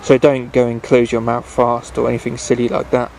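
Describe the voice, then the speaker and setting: A man's voice: mid-range voice, monotone, brisk, creaky, slight background noise, close to an everyday voice, low-quality recording. A man doing a curious, brave little traveller. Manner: inquisitive, gently coaxing.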